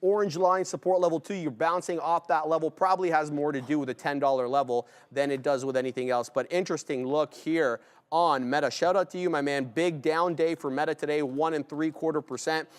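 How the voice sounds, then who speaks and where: A man with a smooth, resonant voice talks through his live trades at a brisk clip. He shouts out viewers by name and keeps a steady, chatty patter on charts and price levels. His voice sits a touch high for a man. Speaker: day-trading stream co-host. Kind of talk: live trading commentary.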